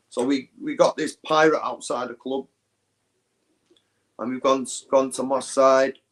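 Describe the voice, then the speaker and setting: A man's voice: creaky, fairly bright tone. A man telling a candid story in plain words, raising his voice to act out the people he quotes. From England. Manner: plain-spoken, acts out quoted voices in a raised pitch. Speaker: interview guest.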